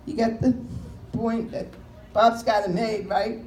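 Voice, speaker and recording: A woman's voice: a little high, fairly even intonation, measured pace, a little mellow. A woman comedian doing a chatty stand-up set, telling stories and mimicking voices and subway announcements. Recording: echoey room with faint noise.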